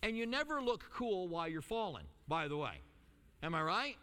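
A middle-aged male pastor preaching a sermon, telling stories with lively asides and acting out the quotes. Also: sits high, normal speed, clear, resonant tone, in a large hall. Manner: animated storytelling with acted-out quotes and asides.

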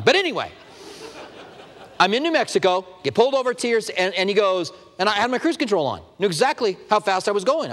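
A pastor from Tucson, Arizona, with a high voice, preaches a sermon in a space that sounds like a big room. He tells stories animatedly and acts out the dialogue.

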